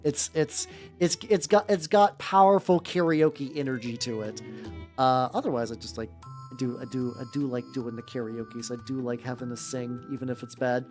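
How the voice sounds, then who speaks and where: A man's voice: medium pitch, steady tone, moderate pace, darkish tone. A man chatting casually while painting miniatures on stream, rambling, repeating words and swearing. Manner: talks to chat while painting. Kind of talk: casual livestream chat. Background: faint background music.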